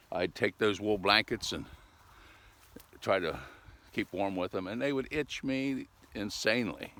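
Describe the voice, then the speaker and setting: A man's voice: on the low side, a bit bright. An older man chatting casually outdoors in cold weather in a rambling, folksy way, talking to his camera. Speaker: vlogger. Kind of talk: casual outdoor vlog chat. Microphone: camera set up outdoors.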